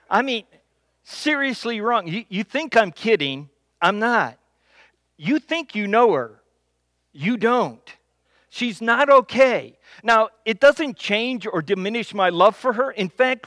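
A man from Michigan telling a humorous personal story, with dramatic pauses, repeated phrases and building suspense. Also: high voice, lively intonation, sharp tone, no echo.

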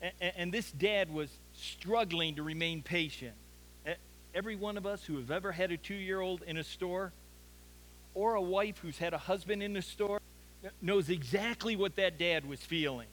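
A man's voice: high voice, moderate pace, fairly bright tone, slight background noise. A man preaching a sermon, telling stories earnestly and often stumbling over restarts as he talks. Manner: earnest storytelling with frequent stammered restarts. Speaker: pastor.

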